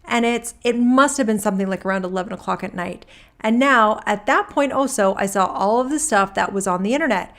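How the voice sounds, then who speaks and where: A woman reads fairly quickly in a natural, mid-range voice, delivering a court transcript as a rambling male witness at a deposition. His casual speech is full of sentences that start over.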